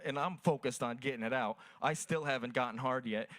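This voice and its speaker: A man's voice: mid-range voice, brisk, few pauses, fairly bright tone, no echo. A young man performing a crude stand-up set at an open mic, telling profane stories. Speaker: stand-up comedian.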